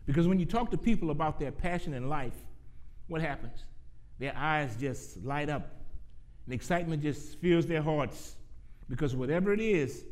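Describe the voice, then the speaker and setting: Earnest male preacher delivering a sermon. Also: on the high side. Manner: earnest, building from soft announcements to emphatic preaching.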